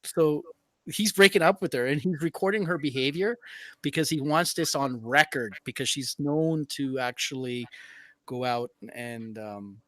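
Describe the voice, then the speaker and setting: A man's voice: mid-range voice, measured pace, a bit bright, no room sound. A man hosting a live stream, chatting through a video with laughing, casual commentary. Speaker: stream host.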